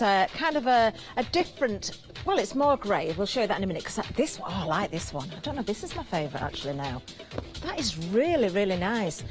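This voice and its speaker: A British woman presenting on a live TV shopping channel, chatty and giggly as she banters with the crew, her voice slightly hoarse. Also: medium pitch. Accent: British English. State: slightly hoarse, throat catching.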